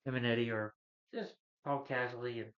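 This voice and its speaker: A man's voice: mid-range voice, fairly even intonation, brisk, lo-fi sound. A man casually retelling a film's plot in a rambling way as a movie reviewer. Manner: rambling, acts out quotes from the film.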